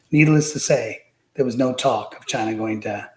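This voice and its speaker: A man's voice: medium pitch, normal speed, echoey room, poor audio. A man talking as a podcast guest, telling stories with animation and acting out the quotes. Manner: animated storyteller, acts out quotes. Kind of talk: casual political chat.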